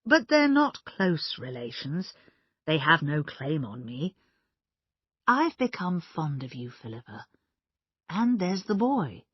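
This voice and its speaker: A woman voicing a calm, measured older woman who heads a household, in a storybook reading. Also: deep voice, breathy edge, no echo, muffled recording, heavily acted.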